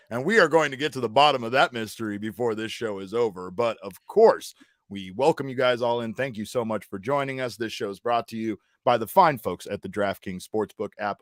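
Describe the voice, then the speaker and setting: A man's voice: medium pitch, dry recording, clean studio sound. A man hosting a casual sports podcast, upbeat and playful, hyping up his co-host.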